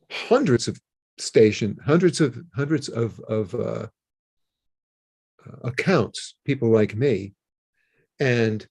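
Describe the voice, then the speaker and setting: Older man telling a story animatedly. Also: mid-range voice. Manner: animated, acts out his own and others' phone calls. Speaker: interview guest. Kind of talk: casual storytelling.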